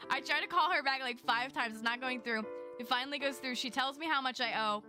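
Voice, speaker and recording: A young adult woman livestreamer in casual chat with her viewers, effusive and quick to laugh. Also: high voice. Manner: chatty and effusive, laughs often. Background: music playing behind.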